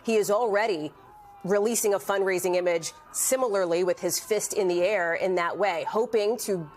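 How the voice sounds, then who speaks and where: A woman's voice: medium pitch, moderate pace, a little mellow, a little hiss or hum. A woman giving live political analysis as a news correspondent in the studio, emphatic and analytical.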